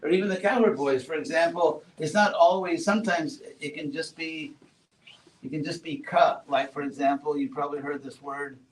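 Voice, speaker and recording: A man giving a relaxed classroom talk, asking his students questions and adding playful asides. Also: a little high, normal speed. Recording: roomy echo, far from mic, faint noise.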